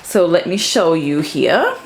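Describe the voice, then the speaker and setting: A woman's voice: wildly swooping pitch, takes it slowly, slight background noise. A woman in her thirties giving a casual, playful tour of her home office studio, talking to the camera and sometimes to her cat. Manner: chatty, playful, breaks into high baby-talk with her cat. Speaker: vlogger.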